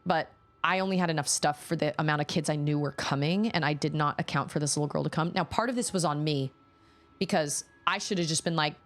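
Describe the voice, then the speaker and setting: A woman's voice: sits low, fast. A woman in her thirties, a streamer casually telling a long story while playing a game, rambling and self-conscious with many restarts.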